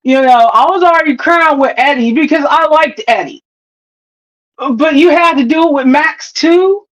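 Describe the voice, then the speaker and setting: A woman's voice: high voice, normal speed, muffled recording. A woman co-hosting a TV review in casual chat, emphatic and swearing a lot, acting out her reactions. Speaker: co-host of a TV review show.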